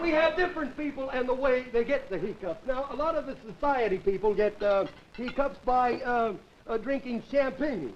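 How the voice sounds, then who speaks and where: High-voiced man joking before a laughing audience. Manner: rambling, self-interrupting, laughing at his own jokes. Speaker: comedian host. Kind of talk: stand-up comedy monologue with character bits. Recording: dull early 1950s television audio, loud audience laughter and noise. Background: studio audience laughing.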